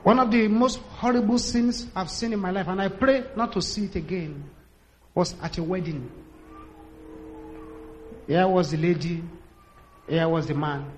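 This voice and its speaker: A man's voice: sits high, steady tone, unhurried, pauses often, slight background noise. A man preaching a sermon, telling stories with drama and acting out the voices of the people in them. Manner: dramatic storytelling, acts out quotes, builds to shouted prayer. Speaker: pastor.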